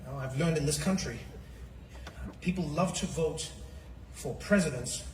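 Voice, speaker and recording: A male comedian doing animated stand-up comedy with mocking, repeated punchlines. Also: on the high side, normal speed, recorded from a distance, a little hiss or hum. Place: live comedy venue. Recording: echoey live club recording, loud audience.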